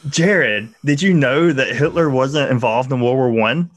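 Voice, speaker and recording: Loud self-mocking male guest. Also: mid-range voice, a little slow. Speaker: podcast guest. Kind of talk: casual chat.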